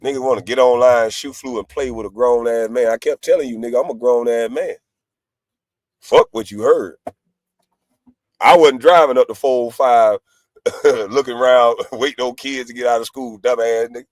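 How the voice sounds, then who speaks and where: A middle-aged livestream host trash-talks his critics in a boastful, profane rant. His medium-pitched voice has a darkish tone and fairly even intonation at a moderate pace, with no echo.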